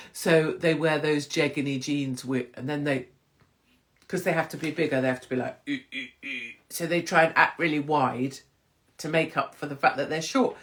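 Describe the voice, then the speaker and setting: A woman hosting a casual livestream chat, cheeky and self-mocking, laughing often. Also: sits low. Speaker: livestream host.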